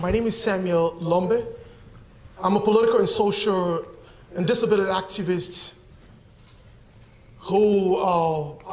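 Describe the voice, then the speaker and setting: A man's voice: high-pitched, reverberant, a little hiss or hum. A man who is a disability activist, addressing a board meeting in a formal, courteous and earnest way.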